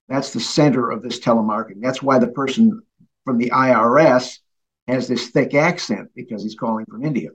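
An older man, a consumer protection official, telling stories in a relaxed interview and chuckling along the way. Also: mid-range voice, dull audio. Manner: animated, chuckling storyteller. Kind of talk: conversational interview storytelling.

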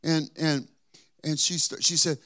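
A man preaching as a pastor, telling a story, moving between quiet asides and emphatic points. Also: a little high, steady tone, a little slow. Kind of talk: sermon with personal storytelling.

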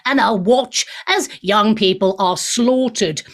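A woman's voice: medium pitch, slow. A woman putting on a smug, pompous old male army general, plummy and posh.

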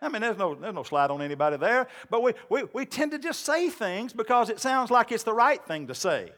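High, bright-voiced male preacher. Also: sing-song, a little fast. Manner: builds from folksy storytelling to shouted preaching. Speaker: pastor. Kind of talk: sermon.

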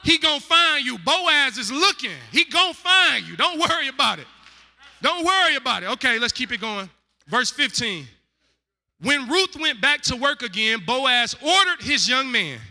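A male preacher giving a comic, animated sermon, full of slang and shouted punchlines. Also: extremely high pitch, normal speed. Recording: echoey hall.

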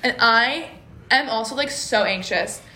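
A young woman co-hosting a podcast in casual chat, telling stories in an animated, rambling way full of "like". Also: a little high, unhurried. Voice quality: rambling and animated, heavy "like" filler. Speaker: podcast co-host. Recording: echoey room.

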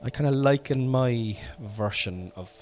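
A middle-aged Irish man hosting a podcast from home while sick, coughing now and then, rambling and swearing, with sudden loud bursts. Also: mid-range voice, unhurried. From Ireland. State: sick with covid, congested and coughing. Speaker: podcast host. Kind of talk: casual solo podcast monologue.

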